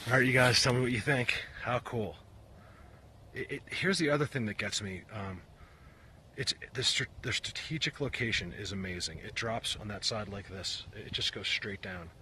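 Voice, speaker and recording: A man filming an outdoor vlog on a mountainside, talking to his viewers excitedly and out of breath. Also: on the low side, moderate pace, a little hiss or hum. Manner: animated, talks to viewers while filming. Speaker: vlogger.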